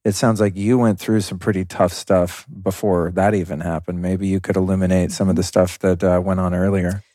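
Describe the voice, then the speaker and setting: A man's voice: low-pitched, level tone, normal speed, dark tone, no room sound, clean studio sound. A man hosting a podcast interview, asking thoughtful questions and searching for words. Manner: thoughtful, searching, many fillers. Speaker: podcast host. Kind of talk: interview conversation.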